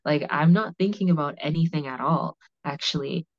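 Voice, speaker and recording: A woman's voice: deep voice, normal speed. A woman hosting a podcast, talking frankly and rambling with lots of "like" fillers. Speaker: podcast host. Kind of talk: candid conversational discussion. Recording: slightly muffled audio.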